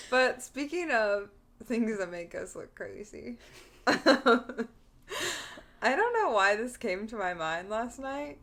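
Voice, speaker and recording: Bright-voiced young woman co-hosting a podcast. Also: on the high side, slow, creaky, long pauses. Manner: laughs often, animated storytelling with filler words. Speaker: podcast co-host. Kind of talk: casual chat.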